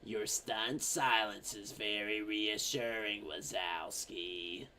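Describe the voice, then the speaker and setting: A man voicing a grumpy old female slug monster clerk, drawn-out and deadpan, as a cartoon impression. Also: on the low side, slight background noise, pitched below the performer's own voice. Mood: dry, sardonic.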